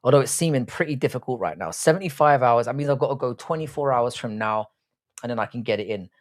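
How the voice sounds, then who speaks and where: Brief: young male livestream host, animated and bouncy pitch, crude teasing banter full of swearing, casual desk-mic talk. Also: fast. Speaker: livestream host reading chat. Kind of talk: casual live stream banter.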